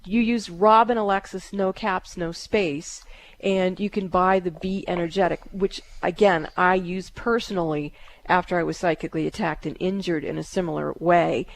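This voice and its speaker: A woman hosting a call-in psychic radio show, giving calm, halting readings with many fillers. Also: lowish voice, slight background noise.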